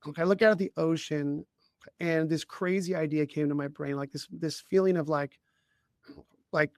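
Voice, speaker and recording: A man who coaches leaders tells a personal story in a voice that sits a little higher than most men's. He talks haltingly, restarts his sentences often and keeps clearing his throat. The sound is dry and close, with no room echo. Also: fairly even intonation. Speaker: leadership coach and podcast co-host. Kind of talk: conversational storytelling.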